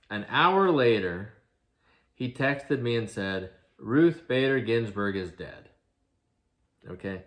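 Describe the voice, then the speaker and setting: A man's voice: mid-range voice, lively intonation, takes it slowly, a bit bright. A man, a father of a grown son, giving an earnest commentary monologue full of rhetorical questions and restarts. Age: adult, father of an eighteen-year-old. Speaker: video commentator.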